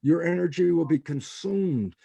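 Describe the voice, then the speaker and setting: A man's voice: a little high, measured pace, vocal fry, husky, no echo. An older man, a scientist guest in a podcast interview, telling stories and acting out the lines of people in them. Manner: animated storyteller, acts out quotes.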